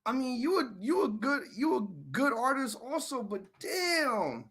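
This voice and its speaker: A man hosting a live wrestling reaction stream, ranting angrily and swearing, swinging from muttering to shouting. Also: very high voice, sing-song, unhurried. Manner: angry, profane ranting.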